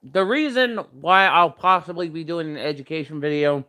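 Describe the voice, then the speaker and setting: A man's voice: a little high, animated, normal speed, sharp tone, smooth. A young man chatting casually while tasting snacks, rambling with many fillers and talking with his mouth full. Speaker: vlogger.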